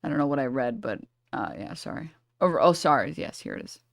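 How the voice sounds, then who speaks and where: A woman's voice: extremely low pitch, big pitch swings, fast, vocal fry. A woman streamer reading a news article aloud and breaking off with sarcastic asides and apologies for her misreadings.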